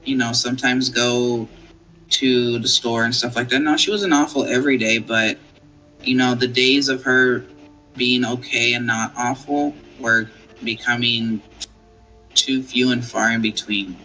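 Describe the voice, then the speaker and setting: Man, interview guest; bright, forceful tone, rambling casual storytelling. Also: medium pitch, measured pace, faint music behind, poor audio. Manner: rambling, animated retelling.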